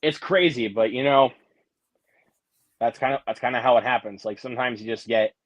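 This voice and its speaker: A man's voice: medium pitch, moderate pace, dry recording, dull audio. A young man hosting a casual live-stream chat, rambling through stories with lots of fillers and restarts. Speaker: host.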